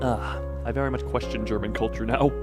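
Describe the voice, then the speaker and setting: A man chatting casually to his live-stream audience, animated and quick to laugh. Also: mid-range voice. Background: faint background music.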